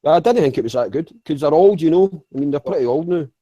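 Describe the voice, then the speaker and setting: A man's voice: fairly high pitch, animated, quick pace, warm tone, dry recording, lo-fi sound. A man chatting loosely, rambling and swearing now and then. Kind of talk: casual chat.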